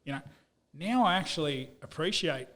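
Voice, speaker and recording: A man's voice: a little high, normal speed. An Australian man in his thirties, telling stories in a casual interview and calling everyone mate. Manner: animated storyteller, says "mate" a lot. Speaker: guest, business owner.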